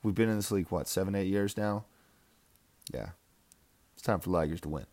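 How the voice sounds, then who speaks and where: A man's voice: low voice, brisk, darkish tone. A young man giving a casual, rambling fantasy football recap, full of trash talk and laughter. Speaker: fantasy football league member.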